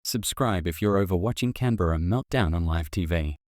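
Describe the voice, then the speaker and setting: Aussie guy, really low voice, dry close sound, cheeky slangy scripted narration. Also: a little fast, darkish tone, dry recording. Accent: Australian. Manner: brash, slangy and jokey. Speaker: commentary channel narrator.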